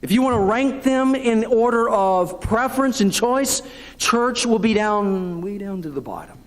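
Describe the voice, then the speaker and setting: A man's voice: sits high, animated, unhurried. A man with a Southern US accent preaching a conversational sermon as pastor, acting out the voices of churchgoers. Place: church sanctuary. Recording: long reverb of a church hall, local TV broadcast.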